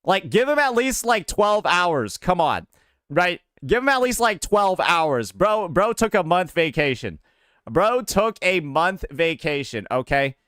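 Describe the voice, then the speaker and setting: A man's voice: high-pitched, big pitch swings, measured pace, a bit bright, dry recording, clean studio sound. A male streamer chatting casually to his viewers live, loose and repetitive, from the American South. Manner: loose and chatty, repeats himself.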